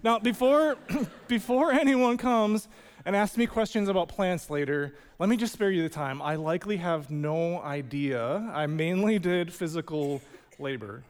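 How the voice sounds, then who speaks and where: A man's voice: high-pitched, unhurried, clear, resonant tone. A man preaching a sermon as a pastor, telling a personal story in a casual, humorous way with frequent "like" fillers, in a church sanctuary. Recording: long reverb of a large hall.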